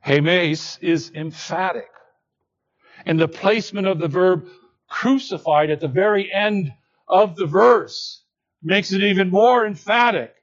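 A man delivers an expository sermon slowly and deliberately, sinking into hushed low tones before rising to emphatic lines. The audio is dull.

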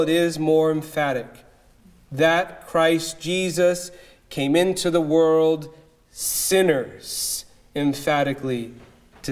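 A man preaching an expository sermon, emphatic and measured, with dramatic pauses. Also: a little high.

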